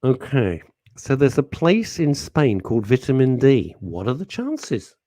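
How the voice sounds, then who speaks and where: Brief: chatty male radio host, very animated delivery, dead-dry studio mic. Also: mid-range voice, measured pace, dry recording. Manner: chatty, animated, jokey, talks to listeners by name. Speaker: radio talk show host. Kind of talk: casual chat reading listener comments.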